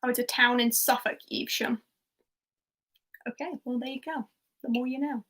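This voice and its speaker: Giggly high-voiced woman hosting a quiz. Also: fairly even intonation, moderate pace, a bit bright. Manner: chatty, giggly, reads out viewer answers. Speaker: quiz host. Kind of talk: casual livestream chat.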